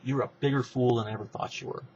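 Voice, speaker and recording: A man's voice: mid-range voice, fairly even intonation, quick pace, darkish tone, a little hiss or hum, natural voice. A man voicing an indignant, hot-tempered wrestling executive, in a slightly muffled recording.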